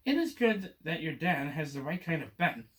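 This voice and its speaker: A man's voice: on the high side, very animated, normal speed, fairly bright tone. A man reading aloud and voicing a cheeky, boastful cat with a gleeful manner. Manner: gleeful and confident.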